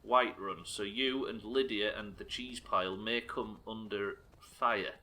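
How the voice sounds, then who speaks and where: Guy streaming a game, bright voice, chatty, jokes with chat, swears a lot. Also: on the low side, measured pace. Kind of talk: casual commentary while playing.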